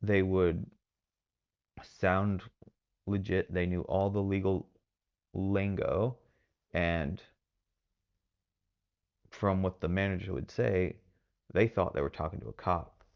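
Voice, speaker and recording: Deep gravelly-voiced man, muffled. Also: fairly even intonation, slow pace, pauses often. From Texas. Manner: rambling, hedging with fillers. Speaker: podcast host. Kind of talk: casual solo commentary.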